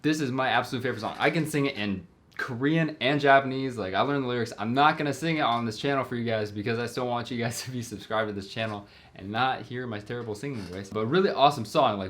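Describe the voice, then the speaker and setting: A man's voice: medium pitch, a bit bright. A young man giving casual reaction commentary as a filmmaker, rambling enthusiastically with lots of fillers, his voice a bit worn from talking. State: slightly worn voice from long talking. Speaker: filmmaker reacting to music videos.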